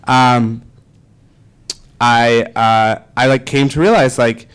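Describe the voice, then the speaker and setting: A man's voice: mid-range voice, slow, smooth, poor audio. Man telling a story with lots of fillers. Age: 20s. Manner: animated, filler-heavy, self-deprecating. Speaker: keynote speaker. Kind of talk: personal storytelling speech.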